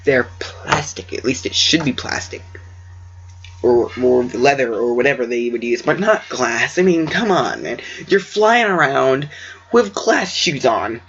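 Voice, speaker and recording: A man's voice: mid-range voice, lively intonation, unhurried, a bit bright, slightly rough. Rambling man reading fan fiction. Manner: rambling, self-deprecating, stumbles over words. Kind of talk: casual story reading with asides. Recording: dull lo-fi home recording.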